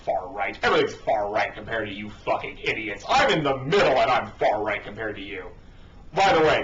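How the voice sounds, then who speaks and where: An online commentator with a medium-pitched, slightly bright voice reads an article aloud, breaking off into sarcastic, profane rants. He's on a cheap microphone, and the home recording sounds dull, distant, and lo-fi.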